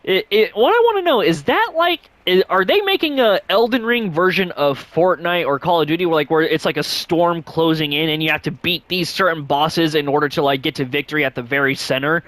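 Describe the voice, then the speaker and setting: A man hosting a gaming channel, chatting casually and rambling, with many fillers and sudden jumps up in pitch. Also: fairly quick, few pauses, fairly bright tone, no echo. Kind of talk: casual vlog chat.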